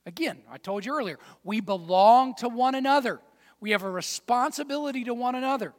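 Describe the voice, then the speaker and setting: A man preaching a sermon as pastor, folksy and direct, dropping to quiet asides and then rising to loud fired-up exhortation. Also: very high-pitched, a little fast, in a large hall. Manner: folksy, addresses congregation as y'all and man.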